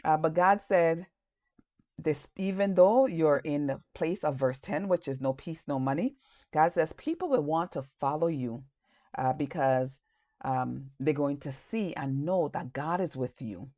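A woman with a low, dark-toned voice preaches an earnest, encouraging sermon. She talks conversationally, full of "um" and "you know". The recording sounds somewhat dull and lo-fi. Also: lively intonation, measured pace, no echo. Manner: encouraging, earnest, loose with fillers.

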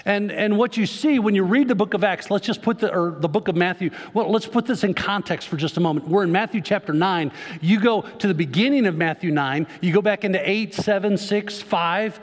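A man's voice: sits high, brisk, few pauses. A man preaching a sermon to his congregation, speaking conversationally and tossing questions to the crowd. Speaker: pastor. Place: church sanctuary. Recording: long church reverb.

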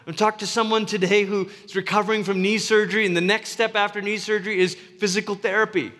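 Preaching quickly with a flat delivery, this pastor has a high, fairly bright voice and speaks earnestly and conversationally, often restarting his words. Reverberation from the hall colors the recording.

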